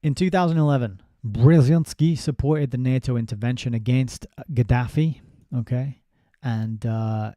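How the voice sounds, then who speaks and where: A man's voice: medium pitch, dark tone, no echo, clean studio sound. A man giving a casual spoken book review. He reads passages aloud, breaks off into sardonic asides and often restarts his sentences.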